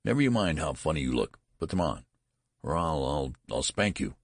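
Casting: man playing a harried father, nervous and stammering, very deep and gravelly. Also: very animated, normal speed, no echo, studio quality, full character voice. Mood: stern. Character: flustered, harried new father, nervous and stern.

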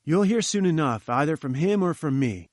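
Breezy, self-assured male reporter, brisk and knowing, read by a man. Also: on the high side, lively intonation, a little mellow, no room sound, studio quality, natural voice. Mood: confident.

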